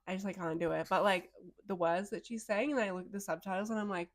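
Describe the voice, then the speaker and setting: Animated young woman chatting on a podcast. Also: quick pace, few pauses, no room sound. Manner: animated storyteller, leans on "like", bursts into high excited outbursts. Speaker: podcast co-host. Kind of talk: casual chat.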